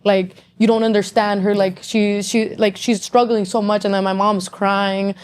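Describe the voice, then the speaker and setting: A woman's voice: mid-range voice, flat delivery, moderate pace, smooth. A young woman speaking as a podcast guest, telling her own story openly. Her talk is loose and casual, full of swearing and constant "like.". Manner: candid, swears often, says "like" constantly.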